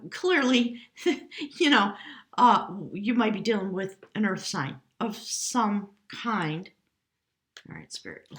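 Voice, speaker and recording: A tarot reader gives a spontaneous reading, her mid-range voice gentle and emotional. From time to time she speaks to her spirit guides.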